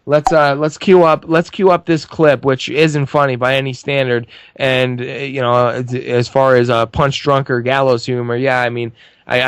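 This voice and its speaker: A man's voice: medium pitch, clean tone, no echo. A man hosting a live talk show, loose and hesitant, with many restarts.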